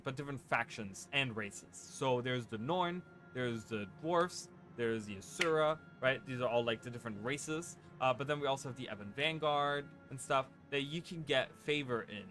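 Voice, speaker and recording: A man's voice: mid-range voice, a bit bright. A man hosting a casual let's-play, rambling along with lots of fillers and rhetorical "right?" checks. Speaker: gaming channel host. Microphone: desk microphone. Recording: game music playing under the voice.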